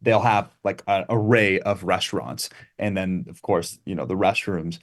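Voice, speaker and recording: A man's voice: low-pitched, moderate pace. A man from Canada chatting casually as a guest musician, rambling through lists and laughing easily. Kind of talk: casual interview chat.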